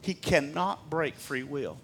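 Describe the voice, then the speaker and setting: Fervent preaching man, swinging loud and hushed. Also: a little high, slow, creaky, a little hiss or hum. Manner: folksy preaching, swells to shouts and drops to hushed tones. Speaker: pastor. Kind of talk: sermon. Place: church.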